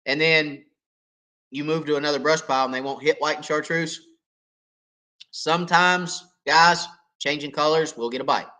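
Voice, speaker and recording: A man hosting a live fishing Q&A, hoarse and coughing as he loses his voice, talking in a folksy, chatty way and checking in with viewers. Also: fairly high pitch, steady tone, moderate pace, long pauses, sharp tone. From East Tennessee. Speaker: fishing channel host. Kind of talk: live Q&A chat.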